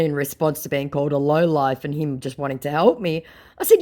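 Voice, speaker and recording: A woman's voice: deep voice, animated, a little fast, mellow. A woman narrating her chats with scammers in a mocking, sarcastic way. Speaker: scambaiter narrator. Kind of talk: sarcastic storytelling.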